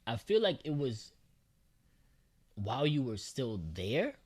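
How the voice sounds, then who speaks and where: A man's voice: mid-range voice, sing-song, takes it slowly, a little mellow. A man co-hosting a podcast, listening and reacting with short interjections in casual chat. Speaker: podcast co-host.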